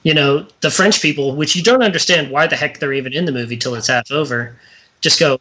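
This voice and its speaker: A man co-hosting a casual film podcast, telling jokey, animated stories about a movie. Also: on the high side, a little fast, low-quality recording. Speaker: podcast co-host. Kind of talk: casual film review chat.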